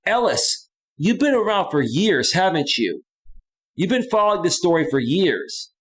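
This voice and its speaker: A man's voice: sits high, sing-song, measured pace, fairly bright tone. A man hosting a live stream, casually chatting and reading out viewer comments and donations. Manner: laid-back, says "bro" and "man" often.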